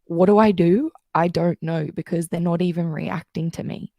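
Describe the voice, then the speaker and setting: A woman's voice: on the low side, fairly even intonation, moderate pace, no room sound, highs cut off. A woman guest coach explaining things in casual interview chat, telling stories and acting out the voices she quotes.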